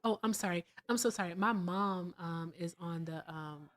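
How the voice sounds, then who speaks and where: A woman from Virginia hosting a casual livestream, animated and gushing as she thanks viewers, jumping between loud excitement and quiet asides. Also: lowish voice, moderate pace. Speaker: livestream host.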